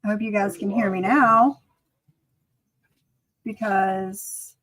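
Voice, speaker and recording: A woman's voice: mid-range voice, fairly even intonation, takes it slowly, a bit bright. A woman hosting a casual livestream, talking through her computer mic, flustered and apologetic. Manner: flustered, apologetic about tech trouble. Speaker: livestream host.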